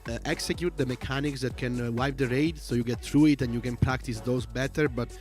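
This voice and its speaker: A man's voice: medium pitch, brisk, a little mellow, faint music behind. A man with a strong Italian accent, giving casual livestream commentary and explaining things at length with lots of fillers. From Italy. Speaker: esports co-commentator.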